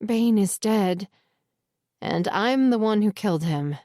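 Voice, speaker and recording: A woman narrating a first-person romance audiobook in a steady, earnest reading voice. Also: mid-range voice, takes it slowly, dry recording, studio quality.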